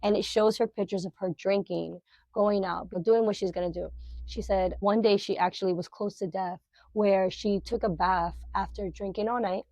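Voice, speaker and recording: A middle-aged woman sharing a personal testimony as a podcast guest. She talks in an animated, emotional way with lots of fillers, at a medium pitch. The sound is dry and close. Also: moderate pace, no echo.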